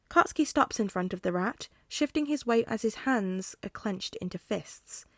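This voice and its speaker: A woman narrating a fan fiction audiobook in a steady, measured storytelling voice. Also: medium pitch, no echo, studio quality. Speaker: podfic reader.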